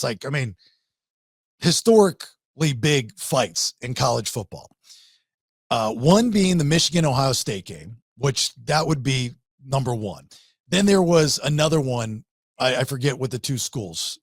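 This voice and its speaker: A man hosting a podcast, chatting casually about college football and rising in pitch when he makes a point. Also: very animated, normal speed, husky, no echo. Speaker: podcast host. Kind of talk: casual sports chat.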